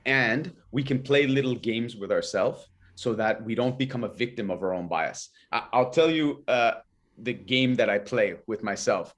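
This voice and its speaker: A man, a guest on a podcast, telling stories in a relaxed, chatty way and acting out his own thoughts in quoted asides. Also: fairly low pitch. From Canada. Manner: animated, acts out his own inner voice. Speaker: podcast guest, kettlebell coach. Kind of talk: casual interview storytelling.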